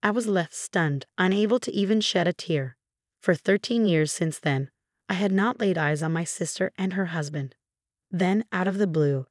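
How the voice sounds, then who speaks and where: A woman reading a first-person story as scripted narration, in an even, measured way. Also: fairly low pitch, no echo, clean studio sound.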